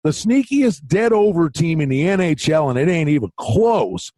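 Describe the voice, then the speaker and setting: A man co-hosting a sports betting podcast in casual chat, an excitable storyteller. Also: fairly high pitch, moderate pace, dry recording. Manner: excitable storyteller, animated retellings. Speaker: podcast co-host.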